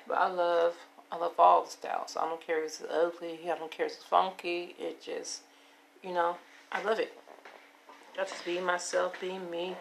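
A woman in her fifties with a hoarse voice, rambling and repeating herself as she talks to her viewers about taking care of herself. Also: lowish voice, little pitch movement, a little slow, pauses often, slight background noise. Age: 50s. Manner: rambling, repetitive, self-affirming. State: hoarse, voice giving out. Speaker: vlogger. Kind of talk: casual personal monologue.

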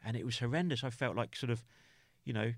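At medium pitch, a podcast guest from the United Kingdom tells a personal story haltingly, full of restarts and "you know" fillers. The audio is studio quality with no room sound.

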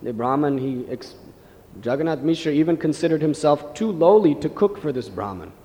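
A man tells a devotional story in a gentle, reverent sermon manner. His voice sits somewhat high for a man. A long reverb from a large hall follows his words. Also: expressive, normal speed. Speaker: preacher.

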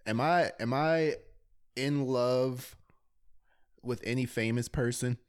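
A man's voice: medium pitch, slow, smooth. Easygoing young man reading out questions. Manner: easygoing, teasing, reads questions aloud. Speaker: podcast co-host. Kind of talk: casual chat.

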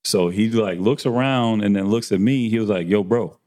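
A man's voice: fairly low pitch, moderate pace, a little mellow. A man telling a barbershop story in casual chat, acting out the dialogue and swearing freely. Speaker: barber and podcast host.

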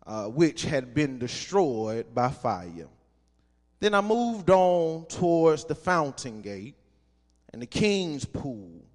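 Man, pastor, slow deliberate delivery, somewhat high voice, call-and-response sermon, long church reverb. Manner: call-and-response preaching, rising to shouts. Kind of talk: sermon with scripture reading. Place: church sanctuary.

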